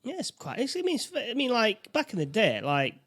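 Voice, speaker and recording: A man from England co-hosting a casual film podcast. He stammers at the start of his thoughts, then chats freely about the movie. His voice is a little higher than most men's. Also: huge pitch swings, fairly quick, a bit bright. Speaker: podcast co-host.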